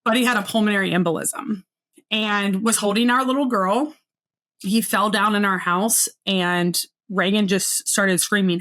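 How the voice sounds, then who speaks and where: A woman guest speaks on a podcast about her own life. Her voice sits at an ordinary middle pitch. She talks earnestly and reflectively, and she slows down over the hardest moments. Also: fairly even intonation, a bit bright. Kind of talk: personal storytelling in a podcast interview.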